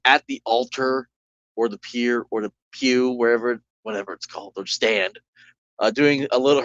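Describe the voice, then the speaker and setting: A man's voice: medium pitch, no echo. A man running a solo tabletop game, narrating casually with rambling, self-correcting speech. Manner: rambling, full of "like" and restarts. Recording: dull lo-fi recording.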